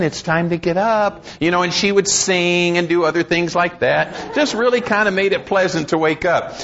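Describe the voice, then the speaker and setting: A middle-aged man preaches in a church with a high voice. He has a folksy, humorous way of telling stories. The recording sounds dull and lo-fi. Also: fairly bright tone. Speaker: pastor. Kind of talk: sermon.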